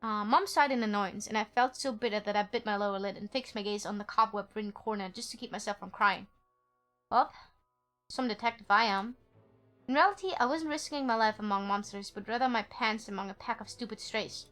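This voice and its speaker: A woman's voice: medium pitch, brisk, fairly bright tone, faint music behind. A woman streaming a game, reading the story text aloud and joking playfully with chat, often giggling.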